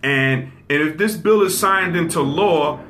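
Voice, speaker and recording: A male host talks through the news in a loose commentary style, often pausing to ask his listeners "okay?" His voice sits a bit high and has a bright, forceful edge, and he repeats key phrases to drive his points home. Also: slight background noise. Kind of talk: casual commentary.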